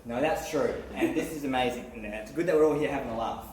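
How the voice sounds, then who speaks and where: A man's voice: mid-range voice, fast, darkish tone, distant mic, a little hiss or hum. A man doing crude, rambling open mic stand-up and laughing at his own jokes. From Australia. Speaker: stand-up comedian. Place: small venue, in front of an audience. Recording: echoey room picked up from afar.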